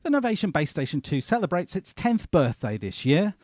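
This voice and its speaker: A man runs a quiz on a casual livestream. He rambles and laughs, and his pitch rises and falls a lot. The sound is close and dry. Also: very animated, fairly quick, darkish tone, no room sound. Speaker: co-host and quiz master.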